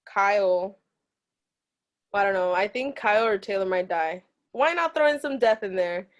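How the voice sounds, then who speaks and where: A woman in a casual book club discussion, animated, laughing often and acting out quotes. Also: medium pitch, moderate pace.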